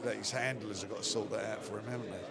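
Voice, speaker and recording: An older man speaks as a boxing promoter in a post-fight interview. He talks plainly and says key phrases twice. A loud crowd chatters behind him at the event. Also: fairly low pitch, fairly even intonation, rapid-fire. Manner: plainspoken, repeats phrases for emphasis.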